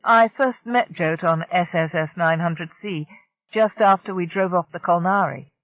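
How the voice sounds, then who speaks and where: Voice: mid-range voice, a little slow, no echo, close to an everyday voice. An earnest, grim man of the spaceways, as an audiobook narrator reads him, choosing his words with care. The sound is dry and a little dull, like a lo-fi recording.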